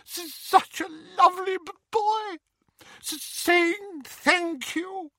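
A man putting on shrill sobbing Aunt Petunia. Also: huge pitch swings, very slow, slightly rough, no room sound, studio quality, exaggerated voice. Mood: tearful. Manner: weepy, stammering, shrill. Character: sobbing gushing middle-aged woman, Aunt Petunia.

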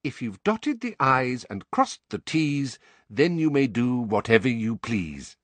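A man's voice: mid-range voice, big pitch swings, measured pace, no echo. A man voicing a cheerful talking homework diary that gives prim, sing-song advice.

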